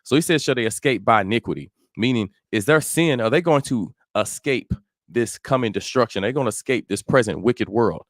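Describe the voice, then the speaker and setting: A man's voice: medium pitch, animated, brisk, fairly bright tone, dry recording, clean studio sound. A man teaching verse by verse through a psalm in a conversational way, often asking "you know what I'm saying". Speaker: Bible teacher. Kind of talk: casual verse-by-verse Bible teaching. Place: church, dry sound.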